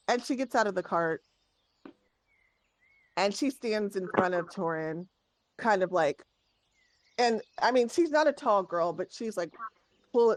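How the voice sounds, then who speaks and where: A woman's voice: medium pitch, dry recording. A woman narrating a tabletop game as game master, with casual storytelling and many fillers.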